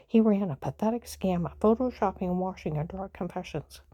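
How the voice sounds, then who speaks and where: A woman's voice: medium pitch, brisk, dark tone. A woman telling a long personal story in a heated, repetitive way, swearing bluntly and often repeating "I said.". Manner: heated, repetitive retelling with frequent "I said". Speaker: vlogger.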